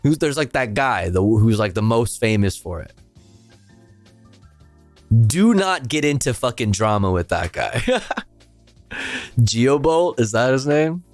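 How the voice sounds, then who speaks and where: A man's voice: mid-range voice, very animated, a little slow, long pauses, soft background music. A man hosting a casual livestream, chatting with viewers, swearing offhandedly, trailing off and humming to himself. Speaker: livestream host. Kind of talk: casual stream chat, reading chat.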